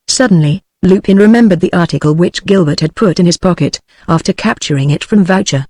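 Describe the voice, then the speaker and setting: A woman's synthetic voice with a British English accent, reading a novel aloud in steady, even scripted narration. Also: lowish voice, brisk, few pauses, no echo.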